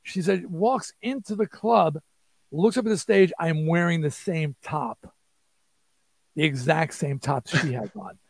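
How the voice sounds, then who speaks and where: A man, telling an animated, rambling story as an interview guest and acting out quotes. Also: fairly high pitch, unhurried, no echo. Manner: rambling, restarts, acts out quotes. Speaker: interview guest, rock singer.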